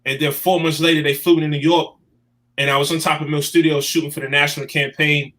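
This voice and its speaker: A man in his thirties telling his life story in a casual chat, animated and emotional. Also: fairly high pitch, fast. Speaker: guest.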